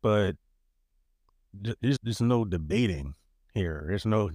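Man, podcast co-host, laid-back joking chat, low voice, dry sound. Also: expressive, takes it slowly, a little mellow, no room sound. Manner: laid-back, joking, restarts his words. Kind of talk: casual chat.

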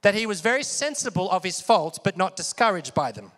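A man preaching with a fairly high voice, his words ringing with long reverb from a large hall. He talks casually and keeps asking the congregation questions. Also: big pitch swings, brisk, a bit bright. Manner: conversational, asks the audience questions often. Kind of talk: sermon.

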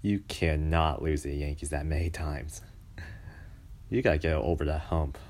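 A man's voice: a bass voice, moderate pace, a little mellow. A man giving a casual, exasperated rant about baseball, mocking and complaining as he talks. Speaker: baseball fan commentator.

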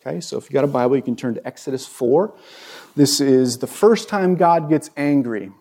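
A man's voice: medium pitch, normal speed, mellow. A male pastor preaching a conversational sermon in a church, asking the congregation questions as he goes. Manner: conversational, asks the audience questions.

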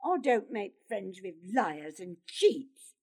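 A woman's voice: high-pitched, big pitch swings, slow pace, warm tone, breathy edge, heavily acted. A woman voicing an angry, distrustful boy who sneers and accuses. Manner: scornful, sneering.

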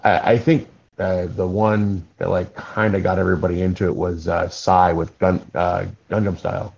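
A man's voice: low voice, little pitch movement, moderate pace, creaky, a little mellow. A man co-hosting a casual podcast, laid-back and hesitant, dropping in short remarks, heard through a dull lo-fi mic.

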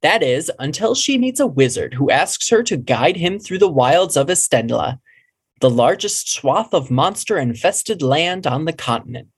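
Husky, lively voice reading a book blurb. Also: mid-range voice, normal speed. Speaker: audiobook blurb reader.

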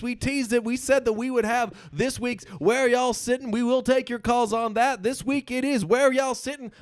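A man with a strikingly high voice hosts a jokey morning radio call-in, rambling and teasing his co-host. He slips into a slight put-on southern twang. The sound is close and dry, with no room around it. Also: no room sound. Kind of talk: comedic call-in radio banter.

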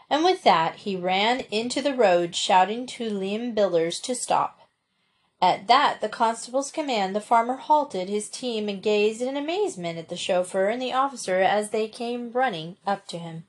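A woman reading a children's adventure book aloud as narrator, steady and expressive. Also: mid-range voice, measured pace. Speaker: audiobook narrator. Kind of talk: storybook narration.

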